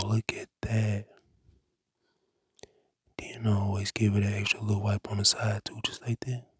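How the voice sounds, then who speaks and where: A man whispering slowly through an ASMR cleaning video indoors, repeating the same short phrases over and over. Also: lowish voice, a little mellow, husky, no room sound, clean studio sound. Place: indoors at a rented home.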